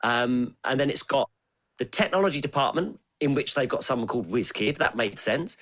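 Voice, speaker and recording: Hesitant man with a lively voice. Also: medium pitch, fairly quick. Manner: hesitant, lots of fillers and restarts, lively intonation. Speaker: podcast co-host. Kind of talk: casual chat.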